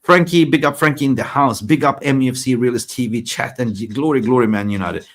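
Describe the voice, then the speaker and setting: A man from Sweden hosting a fan live stream, chatting excitably and reading out viewer comments. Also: medium pitch, a little fast. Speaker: fan channel host. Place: in Thailand.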